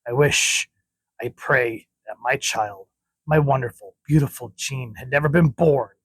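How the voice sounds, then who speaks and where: A man's voice: mid-range voice, unhurried, husky, no room sound. A man reading out the lines of a bitter, grieving older grandmother, in an accusing tone. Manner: bitter, accusing read-aloud.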